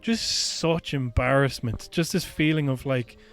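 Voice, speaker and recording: A man's voice: mid-range voice, unhurried, soft background music. A man co-hosting a podcast, telling stories in an earnest, reflective way with lots of "like" and "you know". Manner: earnest, reflective storytelling with many fillers. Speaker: podcast co-host. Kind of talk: casual chat.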